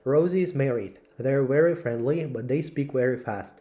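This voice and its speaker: A man reading English textbook passages aloud for learners, slowly and carefully. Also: medium pitch, mellow. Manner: slow, careful read-aloud delivery. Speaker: English teacher.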